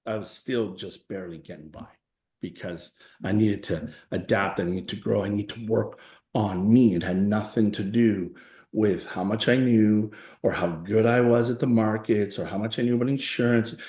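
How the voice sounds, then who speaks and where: A man's voice: fairly low pitch, moderate pace, a little mellow, roomy sound. A man in his forties, a guest in a conversational interview, telling stories emphatically and acting out the voices of people he quotes. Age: 40s.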